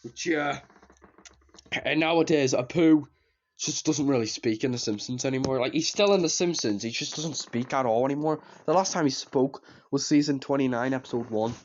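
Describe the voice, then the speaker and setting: A man's voice: medium pitch, moderate pace, a little hiss or hum. Rambling male fan reviewer, dull lo-fi sound. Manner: rambling, repeats himself, trails off with "which, yeah". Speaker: TV show reviewer. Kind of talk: casual spoken review. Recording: slightly dull lo-fi recording.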